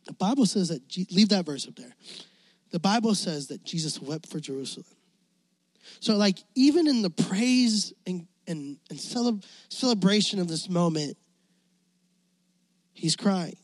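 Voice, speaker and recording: Brief: youth pastor delivering a passionate sermon, male, high voice, dry close mic. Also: expressive, measured pace, pauses often, no room sound. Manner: impassioned preaching, rising to near shouting.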